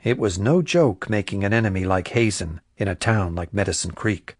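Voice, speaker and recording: A man narrating a crime thriller audiobook in a measured, even storytelling voice. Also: lowish voice, no echo, studio quality. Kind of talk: scripted narration.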